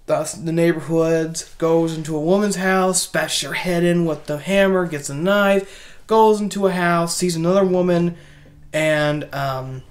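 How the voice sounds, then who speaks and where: A woman casually retelling a horror film's plot, rambling, with many restarts and asides. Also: fairly low pitch. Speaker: movie reviewer. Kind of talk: casual spoken movie recap.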